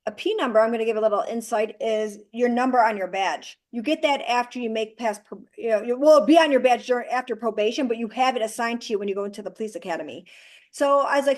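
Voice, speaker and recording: Woman, forties, actress guest, direct, animated, a little blunt, slightly high voice. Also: quick pace. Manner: direct, animated storyteller who acts out quoted dialogue. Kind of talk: casual interview chat.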